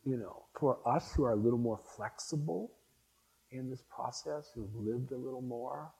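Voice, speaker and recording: Gravelly and mellow at medium pitch and normal speed, an older man's voice comes through poor audio. He rambles anecdotally to a spiritual gathering, frequently restarting as he reminisces.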